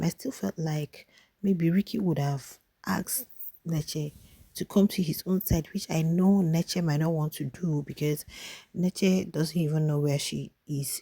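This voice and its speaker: A woman's voice: fairly low pitch, mellow, no room sound. A young Nigerian woman chatting casually to her viewers in a reaction vlog, gossipy and talkative. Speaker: reality show commentator.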